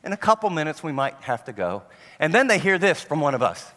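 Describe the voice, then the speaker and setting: A man preaching a sermon on parenting, telling stories and acting out parents and children in an animated way. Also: fairly high pitch, a little fast. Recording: long hall reverb.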